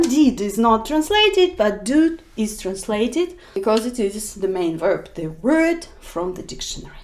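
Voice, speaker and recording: Woman teacher, high and very animated voice, unhurried delivery, acts out example sentences. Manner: slow and deliberate, acting out example sentences with emphasis. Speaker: English teacher. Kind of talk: explanatory video lesson.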